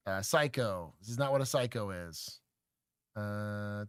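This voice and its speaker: A man from Texas who used to be a police officer talks bluntly through a livestream. He jokes often and fills his speech with "uh"s, in a mid-pitched voice. His recording sounds dry and close. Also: a little slow, fairly bright tone, clean tone, no room sound. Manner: blunt, joking, lots of filler words. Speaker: host, former police officer. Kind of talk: casual livestream commentary.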